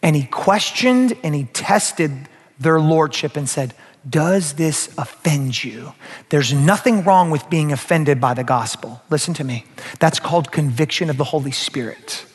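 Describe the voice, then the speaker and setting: A man preaching a sermon as pastor, animated and speaking straight to the congregation. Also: on the high side, moderate pace, breathy edge. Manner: animated, acts out quoted voices, addresses the crowd directly. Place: church sanctuary. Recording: long reverb of a large hall.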